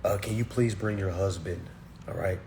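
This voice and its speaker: A man with a low-pitched, darkish voice talks at a moderate pace, with a faint hiss or hum in the background. Delivering a casual livestream monologue and replying to viewers' comments, he preaches bluntly, repeats his points, leans hard on single words and keeps asking "all right?"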